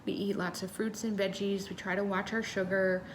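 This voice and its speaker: A woman co-hosting a podcast in a relaxed, chatty way. She fills her sentences with ums and often corrects herself mid-phrase, and her pitch sits in a middle range. A faint hum of noise sits under her voice. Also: moderate pace. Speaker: podcast co-host. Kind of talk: casual podcast chat.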